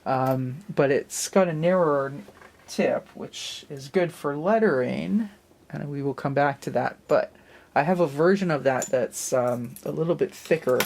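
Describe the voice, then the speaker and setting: Chatty woman with a gravelly edge. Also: low voice, unhurried, darkish tone, slight background noise. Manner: chatty, rambling, self-deprecating asides. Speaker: artist vlogger. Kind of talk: casual chat while inking a cartoon. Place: at a drawing desk under bright lights.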